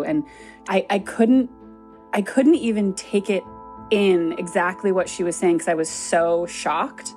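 A woman's voice: medium pitch, steady tone, unhurried, a little mellow, soft background music. Candid woman narrating her own story. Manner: candid, conversational, peppered with "like". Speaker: podcast host and narrator.

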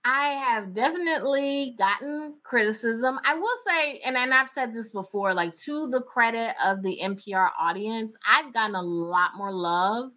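A radio journalist from North Carolina, with a North Carolina Southern accent, talking candidly and animatedly in an interview, often laughing. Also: female voice, a little high, normal speed, hardly any pauses, pushed and bright. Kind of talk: interview conversation.

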